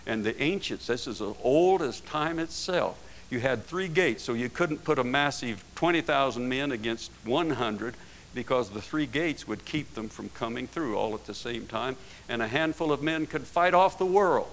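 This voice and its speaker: A man's voice: mid-range voice, normal speed, a bit bright, a little hiss or hum, rough recording. A man preaching a sermon in a folksy way, often ending his points with tag questions and rising into emphatic bursts.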